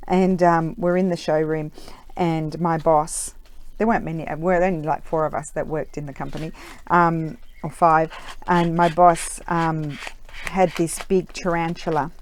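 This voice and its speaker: Chatty Australian woman with a lowish voice. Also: level tone, a little slow, a little hiss or hum. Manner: chatty, rambling, many fillers and restarts. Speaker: craft vlogger. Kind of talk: casual storytelling while crafting.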